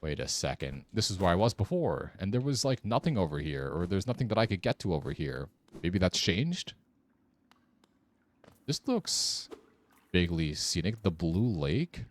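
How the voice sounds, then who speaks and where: A man's voice: sits low, very animated, moderate pace. A man streaming a game with casual, wry commentary, muttering sarcastic asides to himself.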